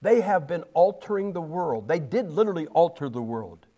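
A man's voice: fairly high pitch, animated, normal speed, mellow, dull audio. A man preaching a folksy, rambling sermon, full of restarts and asides.

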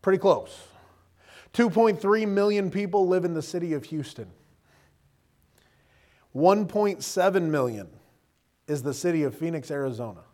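A man's voice: fairly high pitch, animated, normal speed, long pauses, a little mellow. A middle-aged man preaching a sermon in a conversational, humorous way, often checking in with the listeners. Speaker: pastor.

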